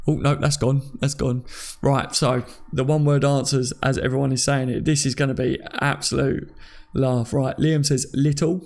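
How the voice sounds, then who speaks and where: A man's voice: mid-range voice, level tone, normal speed, creaky, darkish tone. A young man hosting a casual live stream, reading viewer comments aloud and laughing often.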